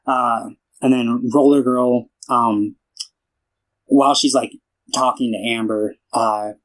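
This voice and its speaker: A man's voice: mid-range voice, steady tone, slow, poor audio. Rambling podcast co-host man. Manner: rambling, filler-heavy, lots of "like" and restarts; retells scenes by acting out the characters' lines. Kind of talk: casual film recap chat.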